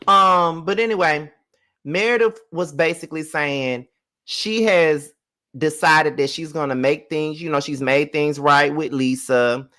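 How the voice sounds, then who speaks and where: A young man hosting a casual live review of a reality show, profane and rambling, laughing often and going loud and high when he gets excited. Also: a little slow. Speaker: TV show reviewer and channel host.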